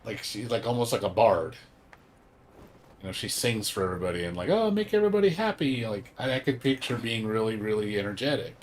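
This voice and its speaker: Rambling young male streamer, low voice. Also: steady tone, fairly quick, a little hiss or hum. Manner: rambling, filler-heavy, cursing, emphatic. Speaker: livestreamer. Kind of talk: casual gaming stream chat.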